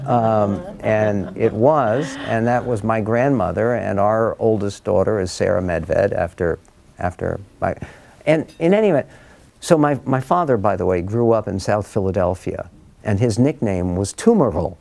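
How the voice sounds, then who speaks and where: Before a live audience, an older male author tells family stories at a book talk, wandering, wry and conversational, full of ums and restarts. His medium-pitched voice is gravelly and darkish, with lively intonation at a normal speed.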